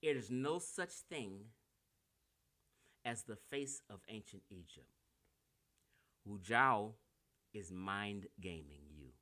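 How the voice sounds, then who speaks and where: A man's voice: fairly low pitch, animated, slow, pauses often, sharp tone. A man with a Californian accent giving a brash, combative and profane lecture on a livestream while sharing his screen. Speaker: online lecturer.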